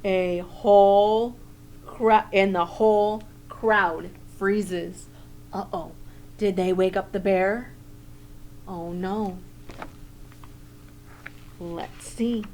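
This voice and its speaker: A woman teacher reading a picture book aloud to children in a gentle way, pausing to comment and ask questions. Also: mid-range voice, steady tone, slight background noise.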